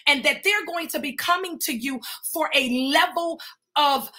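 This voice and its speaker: With a high, unhurried voice, this woman leads prophetic intercessory prayer with fervor. "Father" and "God" mark every phrase as she builds to shouting and breaks into tongues.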